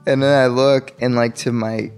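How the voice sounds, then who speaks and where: Guy telling a story, lowish voice, acts out all the lines with big jumps up, faint music. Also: brisk. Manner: animated, acts out quoted dialogue with sharp pitch jumps. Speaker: guest telling his story. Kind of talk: casual storytelling.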